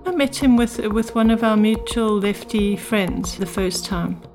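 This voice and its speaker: A woman's voice: medium pitch, measured pace. An older woman from South Africa, a former spy, earnestly recalling her past in a personal story. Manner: earnest, reflective recollection with quoted dialogue. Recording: music bed under speech.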